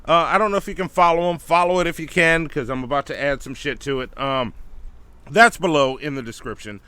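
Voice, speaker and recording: A man's voice: on the high side, brisk, pushed and bright, clear, resonant tone, dry recording. A man co-hosting a casual livestream talk show, joking loosely and laughing often. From New Orleans, Louisiana. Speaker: podcast co-host.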